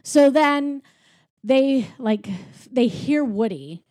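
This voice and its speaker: A lively woman in her thirties retells a film scene by scene in casual chat, popping into quick voices for each character. Her voice sits a bit high, and the recording is dry and close with no room sound. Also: dry recording. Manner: animated, acts out characters' lines in quick voices. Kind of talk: casual chat recapping a movie.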